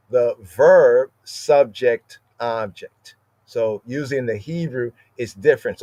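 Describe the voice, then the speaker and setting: A man's voice: mid-range voice, darkish tone, no echo. A man teaching an informal scripture lesson, explaining Hebrew words and often checking in with "right?". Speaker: Bible study teacher.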